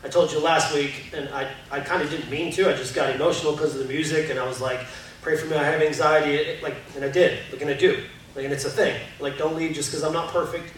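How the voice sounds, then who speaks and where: A pastor gives a loose, candid sermon, joking at his own expense and leaning on fillers. His voice sits fairly high for a man. It reaches the mic from across a very echoey church hall, with a faint noise underneath. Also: steady tone, quick pace, recorded from a distance. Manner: candid, self-deprecating, chatty with many fillers. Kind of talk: casual conversational sermon. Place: church auditorium.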